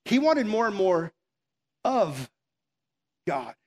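A man's voice: high voice, very animated, takes it slowly, a little mellow. A man preaching a sermon in an earnest, conversational way, acting out quoted prayers as he goes. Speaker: pastor.

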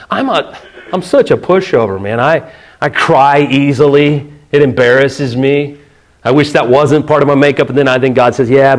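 A middle-aged man preaching a sermon as a pastor, telling a personal story with earnest pauses and restarts, then dropping soft and low for tender points.

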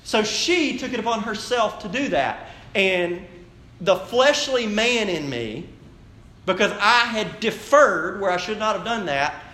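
In an echoey church sanctuary, a married adult man preaches a sermon as pastor, telling a personal story conversationally and addressing the congregation directly. His voice is high, animated and bright, with a forceful tone, though he doesn't hurry.

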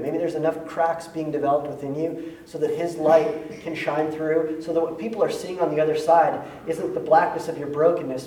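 A male pastor with a high voice delivers a conversational sermon, dropping casual slang and rising to emphatic peaks. He sounds somewhat far from the mic, and his voice rings through a roomy church sanctuary with faint ambience behind it. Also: darkish tone. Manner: conversational preaching with slangy asides.

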